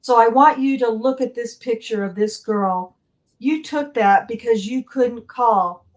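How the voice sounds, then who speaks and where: Middle-aged mother, a bit high-pitched, reads a prepared impact statement in court, grief-stricken and bitter. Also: a little slow, poor audio.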